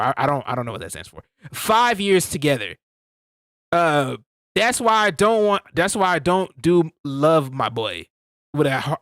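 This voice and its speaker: A man's voice: fairly high pitch, bright, forceful tone, no room sound, clean studio sound. A man streaming, reacting to a clip in a casual, slangy way, often laughing.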